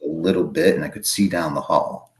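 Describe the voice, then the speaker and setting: A man with a Boston accent telling a long personal story in casual chat, halting and full of fillers. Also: a bass voice, steady tone. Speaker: podcast guest.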